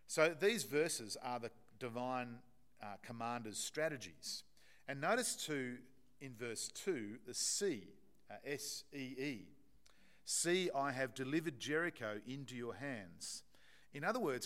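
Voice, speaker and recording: A man's voice: mid-range voice, lively intonation, unhurried, fairly bright tone. A man preaching a sermon to his congregation, talking in a conversational, emphatic way with frequent restarts and fillers.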